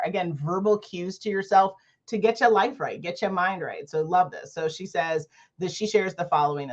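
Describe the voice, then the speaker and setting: Woman, 30s, book club host, low-ish voice, lively and laughing, lo-fi stream sound. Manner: animated, laughs often, reads affirmations aloud. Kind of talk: casual livestream book chat.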